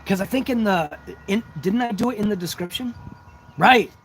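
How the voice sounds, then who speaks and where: A man's voice: sits high, normal speed, fairly bright tone, slight background noise. A man hosting a casual hobby livestream, chatting to viewers in a rambling, talkative, self-deprecating way. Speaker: RC hobby channel host.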